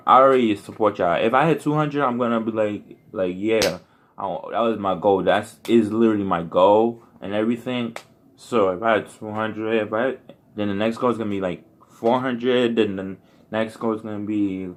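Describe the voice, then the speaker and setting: A young man with a fairly low voice talks loosely to his viewers as a reaction vlog host. He rambles, circles back to the same points and leans on casual slang. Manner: rambling, repetitive slang, restarts.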